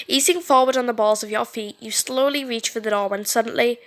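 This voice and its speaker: A woman reading a story game aloud, animated and stumbling over words now and then. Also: a little high, moderate pace. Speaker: game streamer.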